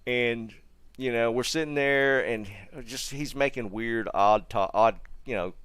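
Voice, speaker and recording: A man's voice: mid-range voice, a little slow, fairly bright tone, clean tone, no room sound. American man, streamer, rambling storytelling, dry close sound. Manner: rambling, full of restarts and asides to chat. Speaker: gaming streamer. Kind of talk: casual storytelling while streaming.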